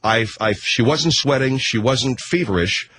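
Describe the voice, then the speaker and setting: A middle-aged man telling a story on the radio in an animated, slangy way. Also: mid-range voice, measured pace, slight background noise. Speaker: radio host. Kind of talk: storytelling monologue.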